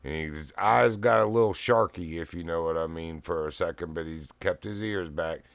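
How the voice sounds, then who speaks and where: A man's voice: sits low, normal speed, vocal fry, dry recording. A middle-aged man telling a rambling, folksy story at home, often laughing. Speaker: streamer. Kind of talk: casual storytelling chat. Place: home living room. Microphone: streaming mic.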